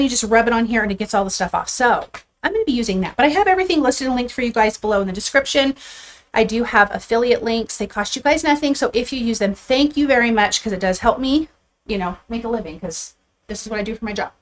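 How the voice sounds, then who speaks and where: A woman with a slightly raised voice hosts a live card-making stream from her craft table. She chats casually and warmly with viewers as she handles supplies. She sounds a little out of breath. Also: a little high, quick pace, a little hiss or hum. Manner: chatty and upbeat, talks to viewers while handling supplies. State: a bit out of breath.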